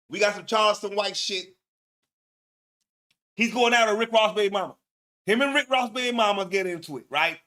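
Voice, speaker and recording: A man's voice: high voice, moderate pace, pauses often, bright, forceful tone. A man hosting a live stream, talking in slangy, profane casual commentary and laughing often. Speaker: livestream host.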